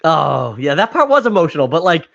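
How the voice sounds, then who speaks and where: A fairly high-voiced man co-hosts a casual podcast chat, rambling along and laughing often as he talks. He swears casually. The sound is dull and lo-fi. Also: big pitch swings, brisk, creaky, a bit bright. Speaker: podcast co-host.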